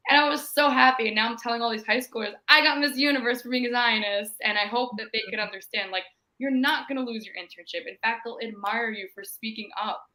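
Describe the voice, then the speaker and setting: A young woman in her twenties speaks up on a panel with a bright, clear voice. She is a sports broadcaster, and she tells her story with upbeat enthusiasm, acting out the quotes. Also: on the high side, quick pace, few pauses, poor audio. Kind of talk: casual panel discussion.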